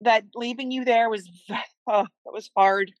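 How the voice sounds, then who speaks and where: A woman's voice: a little high, fairly even intonation, measured pace, dry recording, highs cut off. A middle-aged woman, a mother appearing as a podcast guest, recounting a family story in earnest, heartfelt conversation.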